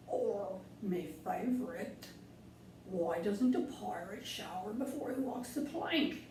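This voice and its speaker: Her medium-pitched voice is animated and darkish, and she keeps a slow pace. The woman plays a playful pirate while teaching kids a craft, telling corny jokes and explaining each step. The recording is echoey, from a distant mic, with faint noise.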